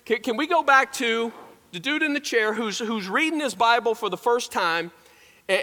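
Guy preaching a sermon, storytelling to the crowd, bright voice, big echoey room. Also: high voice. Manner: storytelling, talks straight to the congregation. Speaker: pastor. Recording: echoey large hall.

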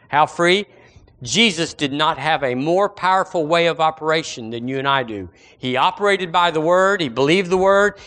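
A man's voice: a little high, bright, forceful tone. A man preaching a sermon as pastor, emphatic and repetitive, swinging his voice up and down.

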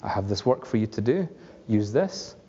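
A man's voice: lowish voice, big pitch swings, moderate pace, mellow, a little hiss or hum. A man preaching a conversational sermon, asking the congregation questions along the way. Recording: dull lo-fi recording with long hall reverb.

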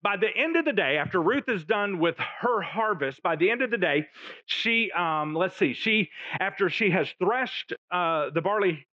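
A man's voice: high-pitched, lively intonation, normal speed, sharp tone, no echo. A male pastor, preaching a sermon and retelling a story with jokey asides. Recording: dull, dry, lo-fi.

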